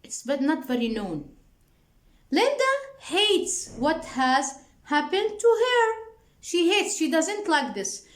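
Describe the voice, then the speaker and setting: A woman teacher walks students through a reading passage at an unhurried pace, repeating key points and checking understanding. Her voice sits high and moves around a lot. The room gives it a noticeable echo. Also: sing-song. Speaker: English teacher. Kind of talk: explaining a reading text to students. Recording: echoey room.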